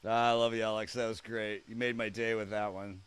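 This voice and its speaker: A man's voice: fairly low pitch, flat delivery, a little fast, clear, resonant tone. Chatty man streaming live. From Canada. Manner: chatty, friendly, joking with chat. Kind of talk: casual live-stream chat, reading viewer comments aloud.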